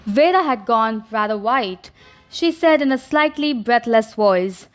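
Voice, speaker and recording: A woman narrating an audiobook in a measured, deliberate way. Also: high voice, animated, smooth.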